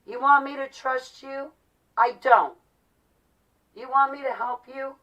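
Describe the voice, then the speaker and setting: Woman in her forties, exasperated rant, rather high voice, a bit off-mic. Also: fairly even intonation, takes it slowly, fairly bright tone, recorded from a distance, dull audio. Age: 40s. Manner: exasperated, ranting, repetitive pleading. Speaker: vlogger. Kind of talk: heated monologue to viewers.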